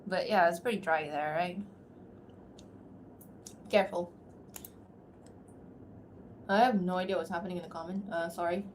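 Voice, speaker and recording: A woman's voice: fairly low pitch, fairly even intonation, moderate pace, pauses often, slight background noise. A young woman chatting casually on a livestream as a voice actor, laughing often and reacting to the comments. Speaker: voice actor streamer. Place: at home, seated.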